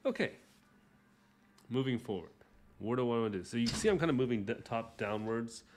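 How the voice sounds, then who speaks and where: A man hosting a drawing livestream, talking casually while he sketches, rambling and joking at his own expense, often trailing off into soft mumbles. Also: mid-range voice, expressive, brisk. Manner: rambling, jokey and self-mocking.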